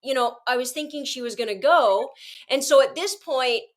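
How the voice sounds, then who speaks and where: A woman's voice: sits high, moderate pace. A woman podcast host telling a long story in casual chat, rambling with frequent restarts.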